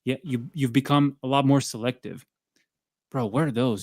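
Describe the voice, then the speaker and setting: A man co-hosting a casual chat while doing pushups, out of breath, animated, acting out quoted dialogue. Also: mid-range voice, moderate pace, no echo, clean studio sound. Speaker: podcast co-host.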